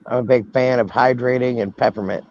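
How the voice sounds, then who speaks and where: A man's voice: mid-range voice, fairly even intonation, brisk, a little mellow, dull audio. A man joining a live stream remotely, easygoing and laughing often as he chimes in. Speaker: call-in guest.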